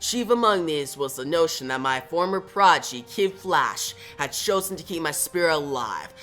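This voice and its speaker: A man's voice: a little high, lively intonation, normal speed, bright, forceful tone, soft background music. A reader voicing a man who became a smug, cold villain, in a comic-book recap. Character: cold villainous male hero turned traitor.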